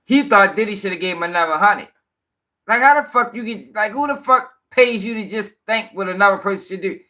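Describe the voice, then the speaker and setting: A man's voice: high-pitched, fairly quick, bright, forceful tone. A man hosting a live-stream news show, ranting in casual, profane, rambling talk and sounding tired.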